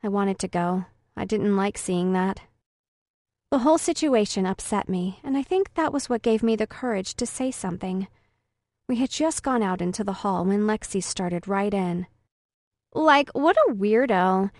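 A woman's voice: medium pitch, normal speed, a little mellow, dry recording, clean studio sound. A woman narrating a first-person story in an earnest, emotional way. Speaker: audiobook narrator.

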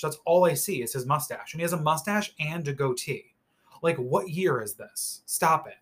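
A man with a bright, sharp-edged voice talks through a TV episode in an unscripted, rambling way. He is blunt and opinionated and swears often, and he leans on filler words as he thinks aloud. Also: a little high, expressive, normal speed. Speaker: reality TV recap host. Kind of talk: casual TV recap monologue.

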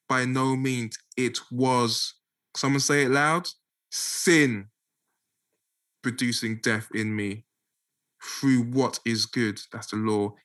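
A man's voice: mid-range voice, a bit bright. A man preaching a casual Bible teaching, repeating key points and checking that listeners follow. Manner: conversational, repeats and emphasizes points.

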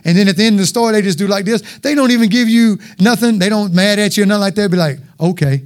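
A man preaching a folksy, animated sermon in church, talking straight to the congregation and acting out voices and sounds. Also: sits high, racing.

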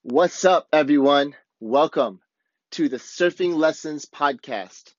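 A male podcast host with a fairly high voice tells a surf story in excited, laid-back surfer talk. The recording is dry and a little dull. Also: takes it slowly, dry recording. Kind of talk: casual storytelling monologue.

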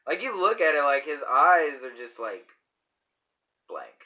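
A man co-hosting a podcast, chatting casually over beers, rambling and halting, often laughing. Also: on the high side, sing-song, lo-fi sound. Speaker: podcast co-host.

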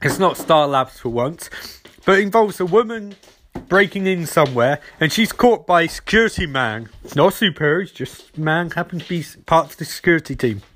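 A young man recapping and reviewing a TV episode in a casual, animated way, swearing freely. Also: a little high, fairly quick, slight background noise.

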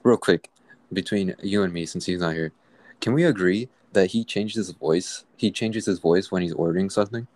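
A young man co-hosting a casual podcast, laid-back and slangy, often agreeing and adding dark jokes. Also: low voice, moderate pace, dry recording. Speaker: podcast co-host. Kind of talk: casual chat.

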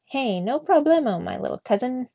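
A woman voicing a brash, teasing grown male mouse who squeaks cheekily through a snack. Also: big pitch swings, normal speed, vocal fry, mellow, full character voice. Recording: dull, dry recording.

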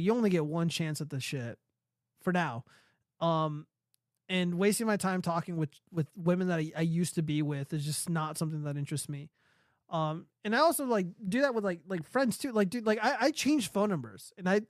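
A man with a high voice hosts a livestream, ranting casually and profanely as he answers chat. The recording is studio quality with no echo.

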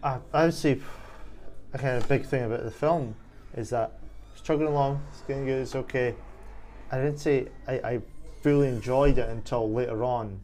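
A man in casual podcast film chat, animated and rambling with fillers. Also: medium pitch, moderate pace, a little hiss or hum.

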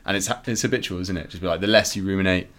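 A man's voice: sits low, steady tone, racing, a bit bright. A man chatting as a podcast guest, thoughtful and musing. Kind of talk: casual conversation.

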